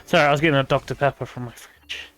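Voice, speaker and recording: A man's voice: medium pitch, steady tone, racing, a bit bright. A young man streaming a video game, chatting casually in a rambling way and laughing often. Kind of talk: casual gameplay commentary.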